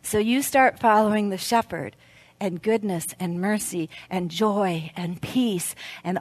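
A woman's voice: medium pitch, moderate pace, no room sound. Earnest woman preaching. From United States. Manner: earnest, storytelling, dropping to a soft hush in prayer. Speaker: speaker at a women's Christmas event. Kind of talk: sermon with storytelling and prayer. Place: event venue.

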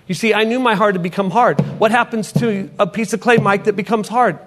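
A middle-aged man who is a potter and evangelist, giving an emphatic sermon testimony that repeats key phrases and swings between soft and loud. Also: high voice, fairly even intonation, fairly quick.

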